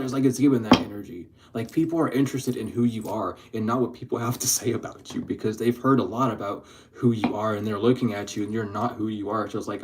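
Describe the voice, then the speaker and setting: A man's voice: a little fast, a little hiss or hum. Chatty, profane man giving a tarot reading. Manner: chatty, slangy and profane, laughing often; drifts between loud excited bursts and low mutters. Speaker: tarot reader. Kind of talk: casual spiritual tarot reading.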